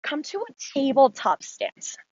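A woman yoga instructor calmly guiding a class through poses and breathing cues. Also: sits high, no echo, lo-fi sound. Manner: calm, steady spoken cues with long breath pauses.

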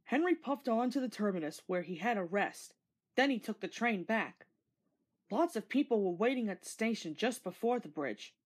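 Breathy woman reading a storybook aloud. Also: mid-range voice, normal speed. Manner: expressive, gentle storytelling. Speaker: storybook narrator. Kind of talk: storybook read-along.

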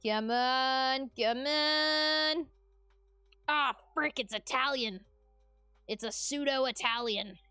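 A young woman streams live and chats with her viewers in a relaxed, rambling way. Her voice sits slightly high. She laughs often and drops casual mild swears as she talks. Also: slow, clean tone, no room sound, soft background music. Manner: giggly, chatty, mild swearing. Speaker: livestreamer.

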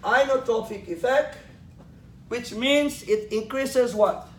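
Speaking slowly in an extremely high, slightly bright voice, a man lectures his class, firing questions at students and joking as he goes. He laughs at his own jokes, and the classroom sounds echoey with faint noise.

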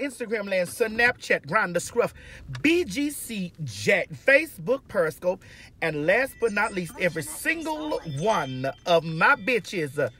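A woman's voice: medium pitch, fairly bright tone, a little hiss or hum. A woman hosting a casual car chat to her phone camera, brassy and flamboyant, calling everyone "girl" and "honey". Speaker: vlog host. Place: inside a car.

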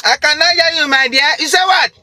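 A man's voice: very high voice, brisk. A man in a comedy phone skit, pretending he cannot hear and calling out hello. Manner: feigns bad network, shouts hello, animated. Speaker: comic playing Engineer Obere.

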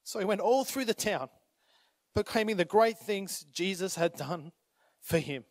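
A man preaching a sermon as pastor, swinging between urgent, rising calls and quiet appeals, sometimes acting out the people in the story. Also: high-pitched, expressive, measured pace, no echo. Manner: impassioned, rises to urgent calls then drops to quiet; acts out voices when retelling scripture.

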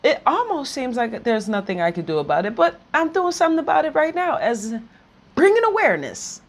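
Higher-voiced woman ranting profanely. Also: very animated, brisk. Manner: profane and blunt, with nervous laughs between points; repeats slogans and rises to near-shouting when heated. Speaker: video commentator. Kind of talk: impassioned political rant to camera.

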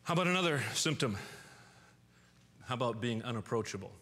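A man preaching a sermon in a church, animated, acting out angry outbursts and often restarting his words. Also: medium pitch, brisk. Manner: animated, acts out angry quotes with sudden loud outbursts; frequent restarts and repeated words. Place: church sanctuary. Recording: long church reverb.

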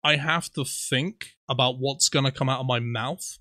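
A man's voice: medium pitch, normal speed, no echo, studio quality. A man in his twenties with a Somerset West Country accent, animatedly telling stories in a casual podcast chat, swearing freely. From Somerset, England. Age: 20s. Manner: animated storyteller, swears freely, laughs often. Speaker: podcast co-host.

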